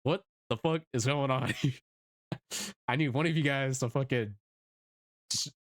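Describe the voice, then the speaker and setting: Here a young streamer recounts a story in loose, lively chat, swearing freely and laughing throughout. His voice sits in the mid range and he takes his time, with no room sound in the recording.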